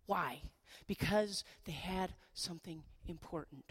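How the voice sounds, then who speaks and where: A middle-aged woman pastor giving a sermon in a conversational, animated way, with playful asides. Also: on the low side, a little slow, husky.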